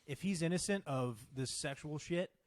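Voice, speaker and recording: A man's voice: a little high, normal speed, no echo, clean studio sound. A young man co-hosting a podcast, trash-talking viewers with crude insults. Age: young adult. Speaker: podcast co-host. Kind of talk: casual podcast rant.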